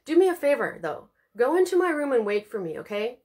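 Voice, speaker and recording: Woman doing an anxious mom, soft and hurried, telling her kid it's fine. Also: sits high, sing-song, voice pushed up. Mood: soothing. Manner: hurried, reassuring. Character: worried mother, hiding fear, soothing.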